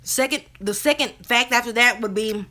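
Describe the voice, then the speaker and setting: A woman, talking to her viewers in a casual live stream, animated and drawling. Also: on the high side, moderate pace. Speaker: co-host of a live video chat. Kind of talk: casual live-stream chat reading comments.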